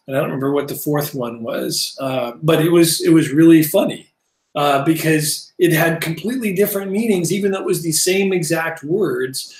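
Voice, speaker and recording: Fifties man, slightly high voice, teaching Bible language in a wandering, halting, self-deprecating way; echoey room. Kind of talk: casual explanatory lesson. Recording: roomy echo.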